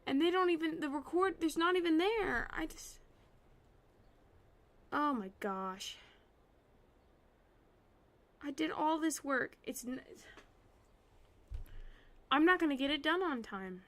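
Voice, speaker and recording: A young woman streaming live, chatting to herself as she works, frustrated with her software. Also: high voice, lively intonation, takes it slowly, long pauses. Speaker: art streamer.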